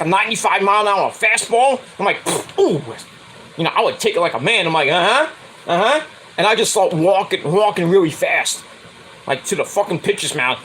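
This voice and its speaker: A man's voice: bright, forceful tone, slight background noise, poor audio. Profane New man ranting about sports. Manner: profane, blunt, mocks with high whiny voices. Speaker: podcast host. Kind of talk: casual sports rant.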